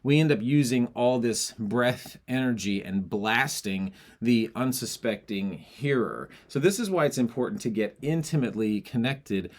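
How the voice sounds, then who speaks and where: A man's voice: medium pitch, lively intonation, moderate pace, few pauses. A male voice teacher explaining how breath affects the larynx, breaking into short sung and spoken demonstrations. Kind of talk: singing lesson.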